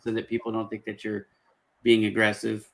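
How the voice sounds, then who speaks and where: A man's voice: lowish voice, completely flat delivery, fairly quick, gravelly, crowd noise, low-quality recording. Earnest man in his forties giving advice. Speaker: host. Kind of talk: casual chat.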